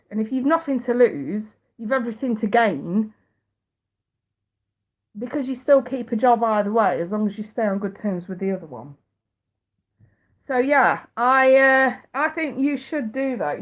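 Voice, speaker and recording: A woman with a blocked, stuffy nose, hosting a casual livestream as a psychic reader, chatty, swearing freely and laughing often. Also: fairly high pitch. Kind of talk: casual livestream chat answering viewers.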